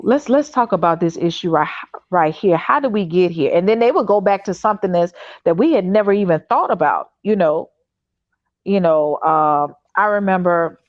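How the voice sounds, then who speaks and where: A fairly low-pitched woman from Chicago speaks into a home video-call setup, and the sound comes through a little muffled and lo-fi. She hosts a livestream talk show and tells a personal story in a loose, animated way, full of fillers and restarts. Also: no room sound. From Chicago, United States. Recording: dull, slightly lo-fi dry stream audio.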